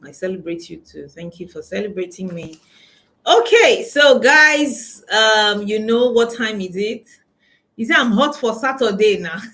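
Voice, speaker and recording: A woman's voice: medium pitch, fairly bright tone, low-quality recording. A woman with a Nigerian accent, a coach hosting a casual live stream from her phone, greeting viewers by name and laughing often.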